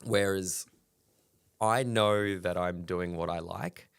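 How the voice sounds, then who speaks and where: A man's voice: low-pitched, slow, creaky, clear, resonant tone, no echo, clean studio sound. A man, a comedian chatting candidly on a podcast, swearing freely and laughing between stories. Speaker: comedian guest. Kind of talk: casual podcast chat.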